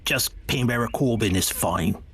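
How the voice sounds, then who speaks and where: A man role-playing at a tabletop game, speaking in a slow, matter-of-fact way. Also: medium pitch, fairly bright tone, breathy edge. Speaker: player.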